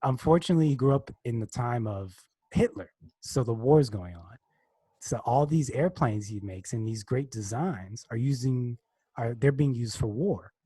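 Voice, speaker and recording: A man's voice: medium pitch, moderate pace, warm tone, breathy edge, no echo. A young man casually retelling a movie on a podcast, rambling and restarting his sentences. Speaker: podcast co-host. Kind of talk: casual chat.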